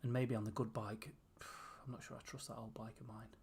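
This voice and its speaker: A man's voice: mid-range voice, flat delivery, fairly quick, darkish tone, a little hiss or hum. A tired man chatting casually to viewers on a live stream, with a runny nose. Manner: tired, chatty, often laughing.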